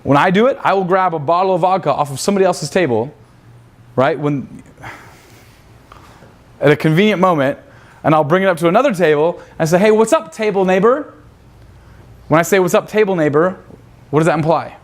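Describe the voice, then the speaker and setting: A man's voice: a little high, fairly quick, long pauses. A man leading a live seminar, brash and profane, firing rhetorical questions at his audience. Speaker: seminar instructor.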